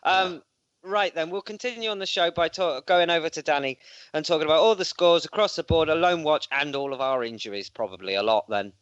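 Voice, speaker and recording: A man's voice: fairly high pitch, a little fast, fairly bright tone, clean tone, no room sound. A man hosting a casual football podcast while unwell, teasing his guests. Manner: jokey, teasing. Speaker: podcast host. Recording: dull dry lo-fi call audio.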